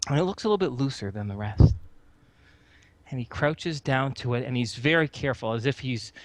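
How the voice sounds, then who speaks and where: A man narrating a tabletop game as game master, with deliberate, descriptive storytelling. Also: mid-range voice, animated, no room sound.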